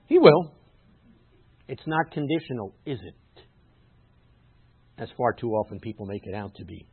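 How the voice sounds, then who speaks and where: Preaching man, rising loud on key words. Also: lowish voice, animated, normal speed, husky, dry recording. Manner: emphatic, rises loud on scripture quotes, teacherly asides. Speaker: rabbi. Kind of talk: sermon. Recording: muffled phone-like sound.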